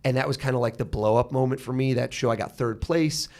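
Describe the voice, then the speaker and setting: A rapid-fire American man in his thirties, chatting as a podcast guest. His pitch sits in an ordinary middle range. He tells stories with animation and slips into the voices of people he quotes. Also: darkish tone. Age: 30s. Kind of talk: conversational storytelling.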